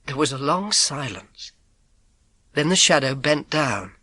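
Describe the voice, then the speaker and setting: A man narrating a children's audiobook in first person, with an expressive, suspenseful telling. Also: medium pitch, a little slow, no echo.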